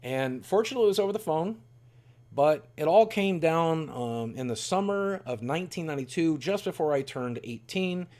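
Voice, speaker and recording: A man's voice: fairly high pitch, animated, moderate pace, a little mellow. A man in his forties telling a candid, rambling personal story in a self-deprecating way. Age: 40s. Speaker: YouTuber.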